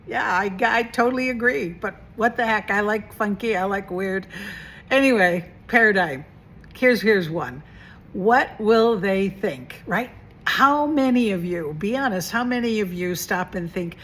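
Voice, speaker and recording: A woman at a mid-range pitch speaks to camera as a life coach in a casual, spiritual self-help vlog. She is chatty and keeps putting rhetorical questions to the viewer. She repeats her key phrases for emphasis. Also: normal speed, fairly bright tone, slight background noise. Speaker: mentor and coach.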